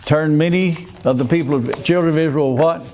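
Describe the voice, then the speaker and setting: A man's voice: fairly high pitch, a little fast, darkish tone. An older man leads a Sunday school Bible class. He talks in a folksy, easygoing way, keeps asking the class questions, and often restarts his sentences.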